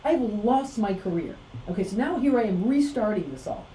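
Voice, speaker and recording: A woman's voice: medium pitch, expressive, normal speed, warm tone. A woman hosting a podcast, chatting casually and animatedly, often mimicking people in quotes. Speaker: podcast host. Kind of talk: casual chat. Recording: roomy room with faint noise.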